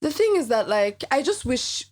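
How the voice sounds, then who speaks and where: A woman's voice: high voice, big pitch swings, normal speed, a little mellow. A young woman guest on a podcast, chatting casually and animatedly, laughing often and restarting her sentences. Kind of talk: casual chat.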